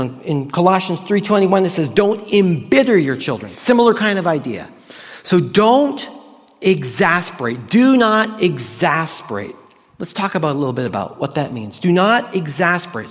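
A male pastor giving a casual, conversational sermon, drawing out key words slowly for emphasis. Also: on the high side. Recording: long hall reverb.

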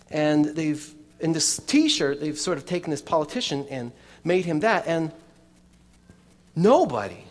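A man's voice: fairly high pitch, in a large hall. A man preaching a sermon in a chatty way, with many restarts and asides to the congregation. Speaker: pastor.

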